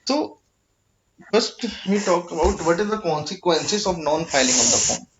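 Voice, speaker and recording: A man's voice: fairly high pitch, expressive, normal speed, background noise. A man with an Indian English accent explaining a government filing form step by step. He often checks in with "okay?" and restarts his sentences. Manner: repeats "okay?" to check understanding, with frequent restarts. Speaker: tutorial presenter. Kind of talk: explanatory screen-share tutorial. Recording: dull lo-fi audio.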